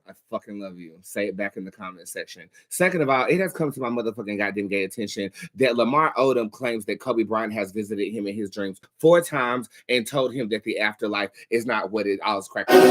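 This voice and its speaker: A man's voice: medium pitch, a bit bright. A young man hosting a tarot livestream, chatting casually with viewers in a candid, profane way.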